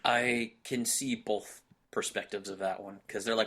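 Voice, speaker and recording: A young man with a low voice, hosting a relaxed podcast chat. His tone is bright and a little forceful. He jokes easily and laughs often. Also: unhurried, slightly rough. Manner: laid-back, laughs often, joking. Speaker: podcast host. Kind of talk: casual chat.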